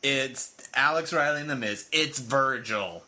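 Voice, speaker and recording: A man's voice: medium pitch, unhurried, sharp tone. A man co-hosting a podcast in casual chat, joking and laughing often. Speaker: podcast co-host.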